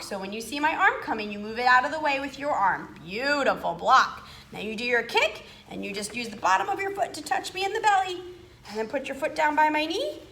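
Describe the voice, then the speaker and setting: Bright, encouraging woman karate teacher. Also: sits high, gravelly, echoey room, a little hiss or hum. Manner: encouraging, upbeat praise. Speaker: karate instructor. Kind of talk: patient teaching for children. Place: martial arts dojo.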